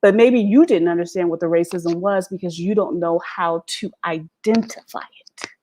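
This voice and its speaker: This is an unscripted live stream rant by an American woman vlogger, brash and profane and full of laughter, recorded at home through a laptop's built-in microphone. Her voice is fairly low and mellow at a moderate pace, with a bit of hiss or hum.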